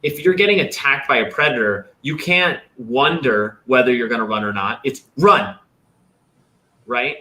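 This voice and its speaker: A young man hosting a livestream, chatting casually and explaining his ideas with lively vocal demonstrations. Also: mid-range voice, moderate pace, few pauses. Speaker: host.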